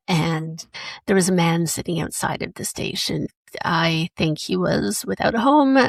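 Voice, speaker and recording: A woman's voice: lowish voice, gravelly, no echo. A woman hosting a solo podcast, telling a personal story in a chatty, emotional way. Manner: chatty and emotional, acts out quoted voices. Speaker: podcast host.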